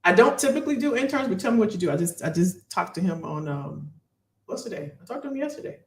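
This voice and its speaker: A woman's voice: mid-range voice, fast, roomy sound. Upbeat woman coaching a live Q&A. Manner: lively, encouraging, talks to the audience as "y'all". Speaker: career coach hosting a live Q&A. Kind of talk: live stream Q&A, casual advice.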